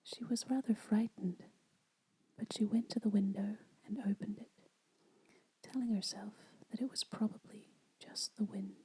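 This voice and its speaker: A woman whispering a children's story aloud as an ASMR storyteller, soft and unhurried. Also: mid-range voice, steady tone, slightly rough, rough recording.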